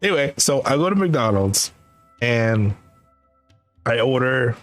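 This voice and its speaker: A young man streaming, telling a rambling, animated story in casual chat and laughing often. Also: mid-range voice, measured pace, soft background music. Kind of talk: casual chat while gaming.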